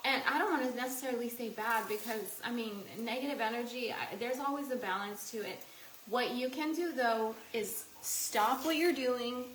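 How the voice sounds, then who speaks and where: A woman's voice: on the high side, moderate pace, reverberant, a little hiss or hum, rough recording. Bubbly woman livestreaming from her kitchen. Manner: bubbly, greets and thanks viewers with sudden excited squeals. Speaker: livestream cooking host. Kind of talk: casual livestream chat while cooking. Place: home kitchen.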